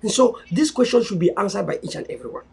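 A man with a Cameroonian Pidgin English accent giving an impassioned live-stream address, repetitive and preachy, swinging between loud pleas and low murmurs. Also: fast talker, creaky, slightly rough.

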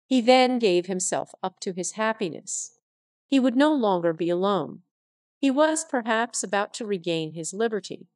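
A synthetic text-to-speech woman reading a classic novel aloud as narrator, with even delivery. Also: mid-range voice, moderate pace, no echo, studio quality.

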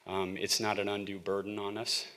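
A middle-aged man from Montana, out of breath, giving an earnest, halting public comment at a council meeting with frequent ums. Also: lowish voice, monotone, fairly bright tone, big-room sound. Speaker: public commenter, local business owner. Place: council chamber.

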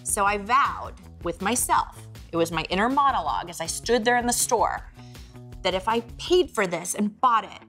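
A woman's voice: a little high, pushed and bright. A woman in her forties hosting a casual lifestyle vlog, chatty and gushing as she shows off her favorite things. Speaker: vlog host.

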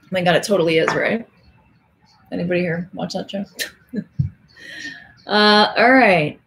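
A woman's voice: on the low side, unhurried, creaky, fairly bright tone. A young adult woman hosting a casual livestream, chatting with viewers, laughing often and counting cards aloud as she works. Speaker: livestream host.

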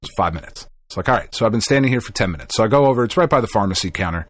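A middle-aged podcast co-host tells a story in a loose, lively way, cursing a lot and acting out the people he quotes. His voice is fairly low and husky, and he talks at a racing clip.

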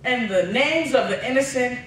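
A man delivers a comic speech full of family anecdotes, his voice leaping up and down with lively expression. He is heard from well back in a very echoey hall. A faint background noise sits under him. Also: extremely high pitch, normal speed, distant mic. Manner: storytelling with punchlines, animated. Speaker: speech contestant. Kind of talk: humorous speech.

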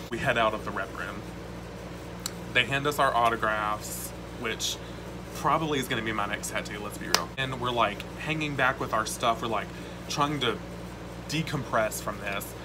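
A man telling a story to camera in casual vlog style, excited and swearing often, with lots of "like". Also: on the low side, moderate pace, noisy background. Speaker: vlogger.

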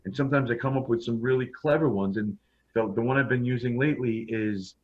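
A man's voice: mid-range voice, fairly quick. A man telling his personal story as a podcast guest, blunt and frank, often restarting his sentences. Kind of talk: personal storytelling in a casual interview. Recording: dull lo-fi sound.

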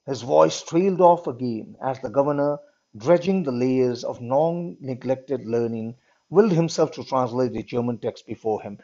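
A man's voice: medium pitch, moderate pace, mellow. A man teaching a class, reading a story aloud and explaining it, often checking in with "all right". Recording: dull lo-fi recording.

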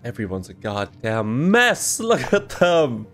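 A man reacting to a game show on camera in a gravelly, slightly high voice, speaking slowly between emotional outbursts and swearing. Music sits faintly behind him. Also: very animated, a bit bright. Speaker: reaction video host. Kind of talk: casual reaction commentary.

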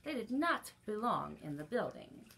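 A woman librarian reading a picture book aloud at children's story time, expressive, with little asides to the kids. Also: mid-range voice, normal speed, gravelly.

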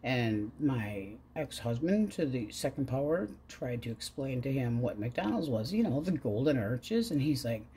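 A woman's voice: very deep voice, big pitch swings, a little slow, hardly any pauses, warm tone, slight background noise. A middle-aged woman reading tarot cards, talking in a chatty, wry way and swearing freely. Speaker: tarot reader. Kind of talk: casual rambling chat.

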